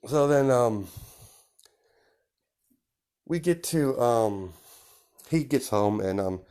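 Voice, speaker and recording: A man's voice: medium pitch, lively intonation, drawn-out words, warm tone, clean tone. A man improvising a fan story, rambling with many fillers and restarts.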